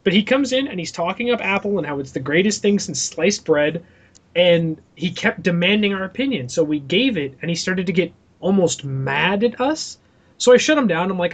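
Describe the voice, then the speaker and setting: Young male podcast co-host, high-pitched, launches into animated, profanity-laced rants about gadgets and fans. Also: moderate pace. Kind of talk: casual podcast chat.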